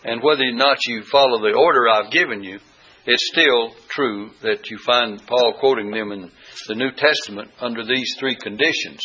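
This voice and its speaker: A man's voice: mid-range voice, moderate pace, bright, forceful tone, slightly rough. A man teaching a Bible study lesson, reading verses aloud and repeating key words with rising emphasis. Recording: dull lo-fi recording.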